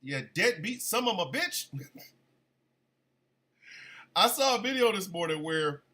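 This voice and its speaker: A man hosting a casual live radio show, chatty and animated, still congested from an illness. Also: high-pitched, measured pace. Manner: chatty, animated, shouts at his dogs. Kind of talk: casual livestream talk radio.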